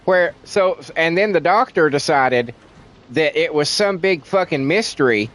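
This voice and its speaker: A man's voice: on the high side, lively intonation, measured pace, a bit bright, poor audio. A man from Tennessee with a thick Southern accent, venting in casual, rambling livestream chat and swearing freely. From Tennessee, USA.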